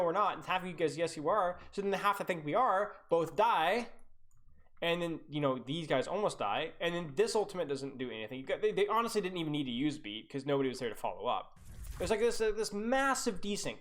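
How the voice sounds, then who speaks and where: Young male game coach, live-stream review, blunt teasing critique, very animated delivery. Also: high voice.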